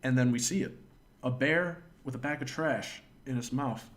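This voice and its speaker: A man's voice: medium pitch, normal speed. A man streaming live and telling a rambling, profane anecdote, stopping to thank viewers. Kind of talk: casual storytelling on a livestream.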